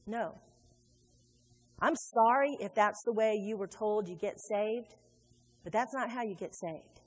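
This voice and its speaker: A woman preaching a sermon in a church, animated and conversational, joking with her congregation. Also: mid-range voice, a little slow, long pauses, husky. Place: church sanctuary. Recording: long hall reverb.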